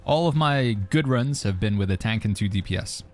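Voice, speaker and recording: A man's voice: fairly low pitch, lively intonation, moderate pace. A man streaming a game, chatting casually and answering viewer questions as he plays. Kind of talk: casual gaming commentary. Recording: faint music behind.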